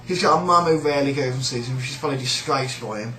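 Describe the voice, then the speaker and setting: A man's voice: mid-range voice, fast, sharp tone, roomy sound, slight background noise, low-quality recording. A man with a British accent ranting in a sneering, rambling, sweary way about a coworker. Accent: British English. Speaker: shop worker. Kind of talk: casual rant.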